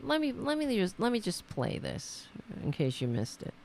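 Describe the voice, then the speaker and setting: A woman's voice: medium pitch, wildly swooping pitch, moderate pace, a little mellow, slight background noise. A woman hosting a political commentary show, talking in a sarcastic, mocking and rambling way, with many restarts. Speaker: host. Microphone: computer mic on a call setup.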